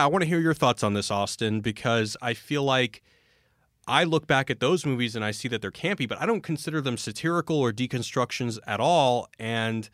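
A man's voice: medium pitch, a bit bright, no echo, clean studio sound. A man co-hosting a podcast, asking thoughtful questions about films in casual talk. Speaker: podcast co-host. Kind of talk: casual film discussion.

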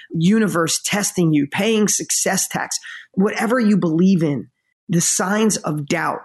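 A man speaking as a motivational guest in a conversation, telling stories with energy and emphasis and slowing down for the emotional moments. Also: a little high. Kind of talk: storytelling in a conversation.

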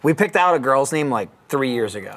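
A man's voice: mid-range voice, animated, fairly quick, a bit bright. A man co-hosting a podcast in casual chat, joking and rambling with many fillers. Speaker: podcast co-host.

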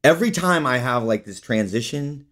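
A man's voice: medium pitch, animated, moderate pace, a bit bright. A man guest on an interview show, telling stories in a rambling, casual way, often saying "like" and "you know". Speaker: guest, actor and filmmaker.

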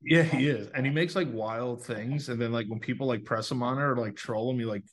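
A man's voice: mid-range voice, brisk, slight background noise. A man co-hosting a podcast in easy, laid-back banter, with plenty of "like" fillers. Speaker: podcast co-host.

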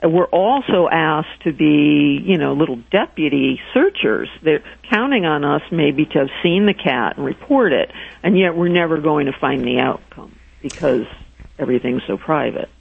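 A woman's voice: low-pitched, animated, moderate pace, creaky, slightly rough. A woman, a therapist and guest author, telling a story in a radio interview and acting out the voices she quotes. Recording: dull lo-fi sound with faint noise.

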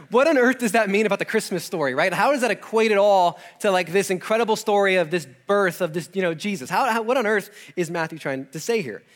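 A young adult man preaching, retelling a scripture story casually with slang, laughs and acted-out character lines. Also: high-pitched.

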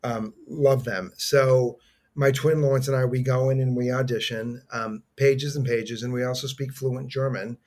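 Animated man telling a story. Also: medium pitch, moderate pace. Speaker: actor guest. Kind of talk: casual storytelling.

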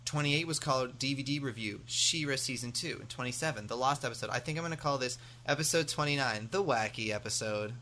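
A man's voice: medium pitch, fast talker, few pauses, pushed and bright. A man hosting a podcast, chatting casually and rambling with lots of fillers. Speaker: podcast host.

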